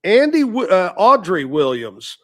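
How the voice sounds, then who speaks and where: A man's voice: high-pitched, sing-song, a little slow. A man hosting a radio show, chatting casually and laughing often. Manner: chatty, laughs often, reads off music history notes. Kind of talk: casual on-air chat.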